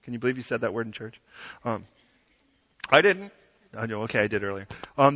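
A man preaching a sermon as pastor in a church, conversational and animated, acting out quotes in different voices. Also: medium pitch, a little fast, long pauses. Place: church sanctuary. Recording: dull sound with long hall reverb.

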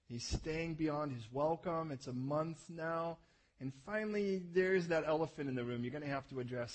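A man preaching a conversational sermon, animated and joking, asking listeners to repeat words after him. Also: fairly high pitch, a little fast. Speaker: pastor. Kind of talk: sermon teaching.

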